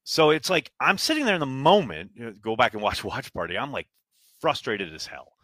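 A man's voice: mid-range voice, brisk, no echo. A man co-hosting a casual sports podcast, telling long rambling stories and acting out fans' complaints. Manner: animated, rambling storyteller who mimics fans. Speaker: podcast co-host.

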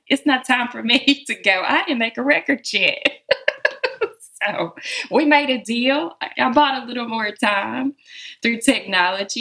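Southern woman guest, unhurried and reflective, laughs easily, slow delivery. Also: medium pitch, fairly bright tone. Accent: Southern American. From Southern United States. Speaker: guest musician. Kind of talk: relaxed interview conversation.

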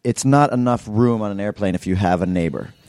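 A man with a New York accent chats casually as a podcast co-host. His voice sits low and dark, recorded dry and close. He rambles and jokes, restarting his sentences often. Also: brisk, clean tone, dry recording. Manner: rambling storyteller, joking, many fillers and restarts. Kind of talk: casual chat. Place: hotel room.

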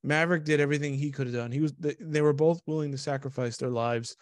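A man in casual conversation about a film, excited, laughing often and trailing off mid-sentence. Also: on the high side, quick pace, no echo, clean studio sound. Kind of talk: casual movie review chat.

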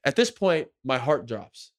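Podcast co-host, man in his thirties, slangy, profane and emotional, mid-pitched voice. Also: sing-song, measured pace. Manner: emotional storytelling, slangy and profane, full of "like" and "bro". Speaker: podcast co-host, former pro basketball player. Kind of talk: casual podcast chat.

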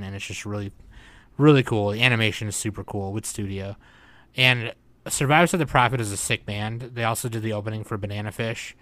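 A man's voice: on the low side, sharp tone, no room sound. A young man hosting a podcast in casual chat, loose and profane, often laughing. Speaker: podcast host.

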